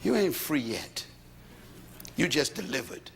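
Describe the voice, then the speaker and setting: A man with a Bahamian accent preaching a sermon to a congregation, telling stories with rising shouts. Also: mid-range voice, measured pace, gravelly, in a large hall, a little hiss or hum. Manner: animated storytelling, rising to shouts. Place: large hall before a congregation.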